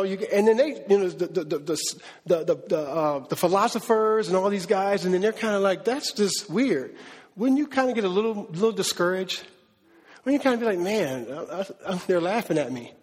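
Man preaching, very high voice, casual slangy sermon, long hall reverb. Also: a little fast. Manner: animated, conversational, slangy. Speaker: pastor.

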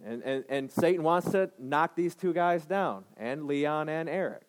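A man's voice: on the high side, expressive, measured pace. A man in his thirties preaching a sermon to a congregation, emphatic, repeating phrases and checking in with "right?". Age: 30s. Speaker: pastor.

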